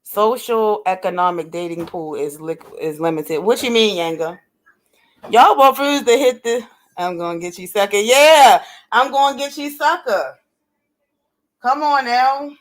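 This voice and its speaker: A woman's voice: mid-range voice, animated, moderate pace. A woman co-hosting a live stream in casual chat, talking bluntly and with animation, swearing freely and laughing often. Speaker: livestream co-host.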